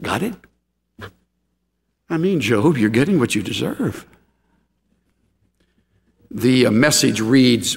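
A middle-aged man preaching a sermon, animated, acting out quotes with gasps and laughs. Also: medium pitch, takes it slowly, creaky, long pauses, slightly rough, big-room sound. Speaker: pastor.

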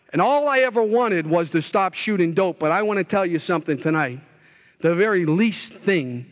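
A middle-aged man, a former addict, telling his life story as a passionate testimony sermon. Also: sits high. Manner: impassioned storytelling, rising loud when reliving scenes.

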